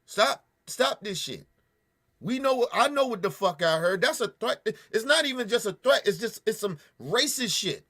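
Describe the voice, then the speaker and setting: A man's voice: high voice, lively intonation, moderate pace, hardly any pauses, sharp tone. A man hosting a show, angrily ranting and cursing as he reacts to a news clip, sniffling at times. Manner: angry, profane, ranting. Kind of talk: heated commentary.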